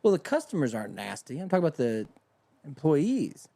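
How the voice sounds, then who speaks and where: A man's voice: on the high side, huge pitch swings, a little fast, creaky, mellow. A man co-hosting a casual talk show, ranting heatedly and profanely. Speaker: podcast co-host. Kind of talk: casual comedic rant.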